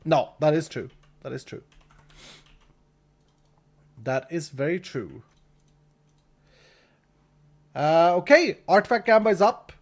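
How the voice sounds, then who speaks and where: A man's voice: a little high, big pitch swings, measured pace, pauses often. A man streaming a game live, chatting casually with his viewers, reading chat, thanking donors and laughing easily.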